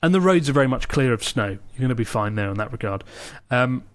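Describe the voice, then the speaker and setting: A man's voice: medium pitch, quick pace, no room sound. Chatty man on a dry podcast mic. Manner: relaxed, chatty, wry. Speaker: podcast co-host reading listener questions. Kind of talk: casual podcast chat.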